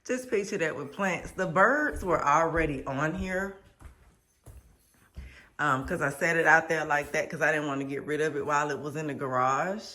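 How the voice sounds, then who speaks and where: A woman's voice: low-pitched, normal speed, sharp tone. A woman vlogger chatting casually to her viewers, rambling and addressing them as y'all.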